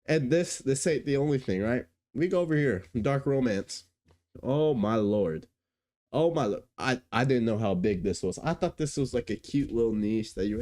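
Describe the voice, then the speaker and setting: A woman giving reaction commentary in a slangy, incredulous way, swinging from low mutters to squealing outbursts. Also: sing-song, moderate pace, mellow.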